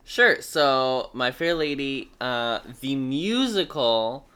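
A man co-hosting a movie musical podcast in casual chat, chatty and quick to correct and tease his co-host. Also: medium pitch, animated, pushed and bright, smooth.

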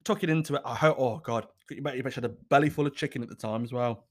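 A man's voice: mid-range voice, very fast. Cheeky sweary man podcasting. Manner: cheeky, sweary, laughs at his own jokes. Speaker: podcast host. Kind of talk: casual solo podcast chat. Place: at home in his kitchen.

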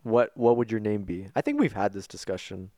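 A man co-hosts a casual podcast in a loose, joking way, cursing freely and breaking into laughter. His pitch swings widely as he riffs. The sound is dry and close, with little room echo. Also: animated, mellow. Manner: joking, swearing, quick bursts of laughter. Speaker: podcast co-host. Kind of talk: casual chat.

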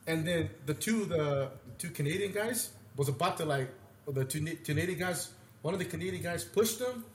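A man's voice: on the high side, moderate pace. Rambling, profane man in an echoey room. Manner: rambling, profane, animated storyteller. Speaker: podcast co-host. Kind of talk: casual storytelling chat. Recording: echoey room with faint noise.

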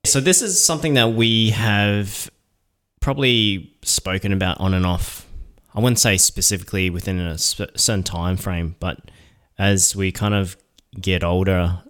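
A low-pitched man co-hosts a casual podcast. He talks in a relaxed, rambling way and slips into loose slang. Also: measured pace. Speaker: podcast co-host.

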